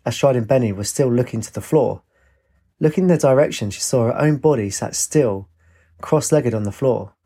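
Husky male storyteller. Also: mid-range voice, normal speed, dark tone. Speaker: narrator. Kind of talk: storybook narration.

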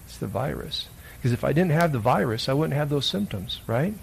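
A man's voice: mid-range voice, expressive, fairly quick, creaky, breathy edge, poor audio. A man preaching a children's sermon in church, reading scripture and then asking the children playful questions. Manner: playful, asks the listeners many questions. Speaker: pastor.

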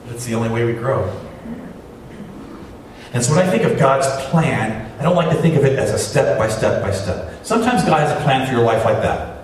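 A man's voice: medium pitch, animated, normal speed, slight background noise. A man preaching a sermon as pastor, talking with the congregation through rhetorical questions. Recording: echoey hall, voice from far off.

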